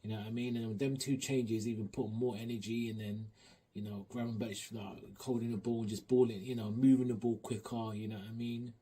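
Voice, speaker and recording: A man giving an animated, slang-heavy, rambling match review as a football fan. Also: lowish voice, brisk, husky. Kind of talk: excited football fan rant.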